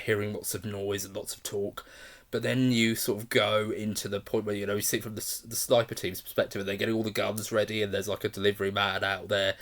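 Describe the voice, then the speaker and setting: Low-voiced man rambling through a film review. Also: fairly bright tone. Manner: enthusiastic and rambling, often laughing. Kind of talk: casual spoken film review.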